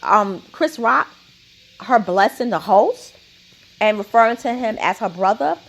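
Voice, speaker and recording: Woman, opinion commentary, emphatic, slow deliberate pace, lively pitch, gravelly husky voice. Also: poor audio. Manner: emphatic, repeats points with "okay?".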